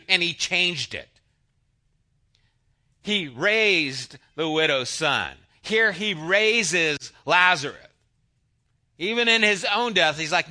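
Man, pastor, sermon delivery: slow, bright and slightly high, loud emphasis dropping to hushed asides. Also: expressive. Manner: storytelling, swings from loud to hushed. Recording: church sermon audio.

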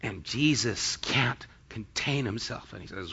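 A man's voice: on the low side, animated, measured pace, creaky, sharp tone, breathy edge, lo-fi sound. A man preaching a sermon as pastor, reading scripture aloud and then retelling it in plain everyday speech.

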